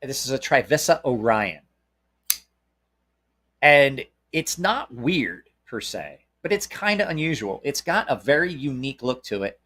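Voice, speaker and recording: Host type: a man with a Southern drawl, casual and blunt, given to cursing and restarting his sentences, mid-pitched. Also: sing-song, unhurried, sharp tone. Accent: American Southern. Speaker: knife channel host. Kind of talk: casual live-stream chat.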